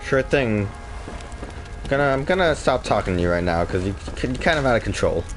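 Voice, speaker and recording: A man's voice: medium pitch, expressive, a little fast, a little hiss or hum. Joking man commenting on his game. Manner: joking, sarcastic, casual. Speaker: let's play host. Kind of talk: gaming commentary. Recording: game music underneath.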